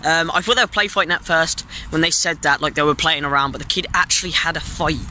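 A teenage boy vlogging outdoors by traffic, talking excitedly to his viewers and swearing freely. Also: a little high, fast talker. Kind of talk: casual vlog talk to camera. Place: outdoors in an urban park by traffic. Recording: loud outdoor street noise.

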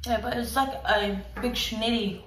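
A woman with an Australian accent hosting a casual vlog, chatting with lots of ums and likes and quick giggles. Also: fairly high pitch, fairly even intonation. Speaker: vlogger host. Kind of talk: casual chat. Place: at home with kids. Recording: roomy, distant mic, faint noise.

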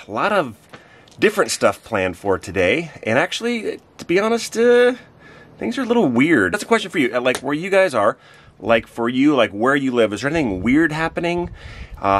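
Animated man rambling to a vlog camera. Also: medium pitch. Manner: rambling, full of "like" and "uh". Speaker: family vlogger. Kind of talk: casual vlog talk to camera. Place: outdoors by the woodshed.

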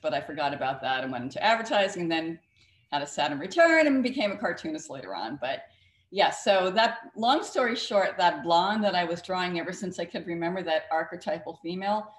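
A woman author and cartoonist being interviewed on a talk show, talking emphatically with a storyteller's flair. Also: on the low side. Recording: echoey studio room.

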